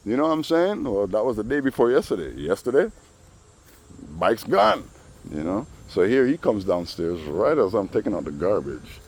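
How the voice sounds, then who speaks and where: A man's voice: mid-range voice, sing-song, normal speed, a little mellow. A man telling profane, rambling stories full of asides in a personal vlog. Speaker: vlogger.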